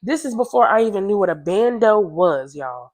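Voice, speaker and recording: A young woman telling a personal story in a casual, slangy, chatty way, often jumping into a higher voice to quote others. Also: lively intonation, moderate pace, darkish tone.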